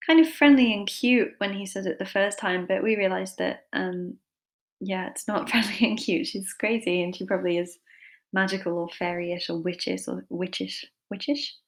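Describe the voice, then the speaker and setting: A woman's voice: mid-range voice, steady tone, normal speed, gravelly. A woman giving a casual online English literature lesson, chatty and informal with lots of fillers and some self-deprecating humour.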